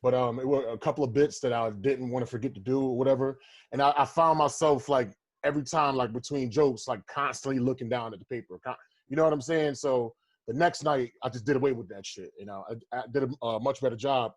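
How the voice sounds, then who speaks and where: A stand-up comedian appearing as a guest tells a story in a casual video-call chat, swearing freely and acting out the quotes. He talks fast at a medium pitch, in a dry recording.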